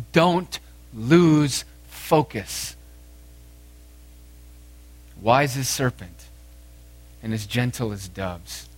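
A man preaching a sermon, lively and animated, acting out the dialogue as he tells it. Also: medium pitch. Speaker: pastor.

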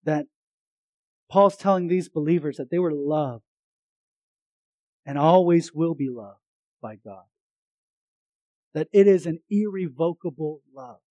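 Man preacher, high-pitched, dry close mic, moves from loud to hushed and jokes between points. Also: dry recording, dull audio. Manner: swings between loud emphatic lines and hushed earnest ones. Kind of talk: sermon.

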